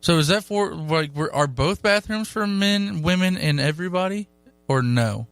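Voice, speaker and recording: A man's voice: high voice, lively intonation, normal speed, fairly bright tone, clear, resonant tone, dry recording. A man cohosting a casual podcast, asking rambling, hesitant questions. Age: adult parent. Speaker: guest cohost. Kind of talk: casual chat.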